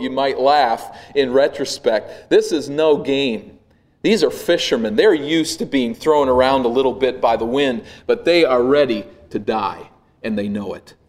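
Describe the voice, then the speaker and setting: A male pastor preaching a sermon, retelling a scene with vivid, dramatic storytelling that swells and drops to a hush. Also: mid-range voice.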